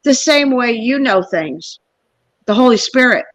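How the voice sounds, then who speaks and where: A woman quoting a calm, mysterious drifter man in a slow, matter-of-fact voice. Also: on the high side.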